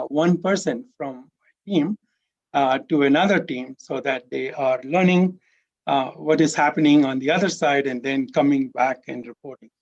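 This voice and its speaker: In a dull, lo-fi recording, a man with a slightly high, somewhat mellow voice presents at a conference. He's a university lecturer discussing his teaching in a conversational style, leaning often on "you know."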